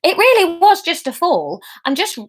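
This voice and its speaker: A woman's voice: very high-pitched, huge pitch swings, moderate pace, voice pushed up, full character voice. Flustered dappy heroine, voiced by a woman.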